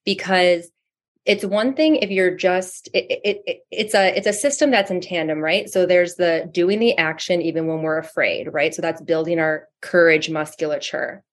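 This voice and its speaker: Frank, earthy woman with a lowish voice. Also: normal speed. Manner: frank, swears casually, acts out inner voices. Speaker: guest. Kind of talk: casual spiritual coaching talk.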